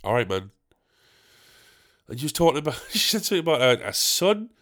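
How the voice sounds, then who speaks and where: A man's voice: fairly high pitch, very animated, brisk, fairly bright tone. A young man, a stand-up comedian, hosting a solo podcast in a rambling, candid, sweary way.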